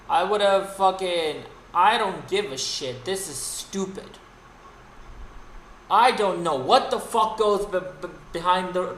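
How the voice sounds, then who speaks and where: Male streamer, unscripted rant, cursing and exasperated, slightly high voice, roomy echo. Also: fairly bright tone. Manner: profane, exasperated ranting with frequent restarts. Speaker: streamer and host. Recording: roomy with faint background noise.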